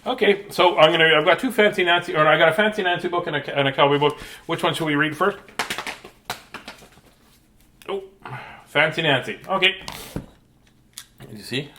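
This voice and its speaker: A man's voice: a little high, a little fast, pushed and bright, slight background noise. A man hosting a storytime video, reading picture books aloud with goofy jokes and chatty asides from home. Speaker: storytime reader host. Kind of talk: playful picture book read-aloud.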